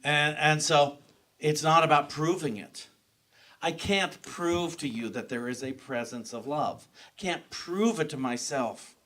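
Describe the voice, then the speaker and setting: A man's voice: on the high side, a little slow, pushed and bright. A man giving a sermon as pastor, talking in a personal, conversational way and often restarting his sentences. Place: church sanctuary.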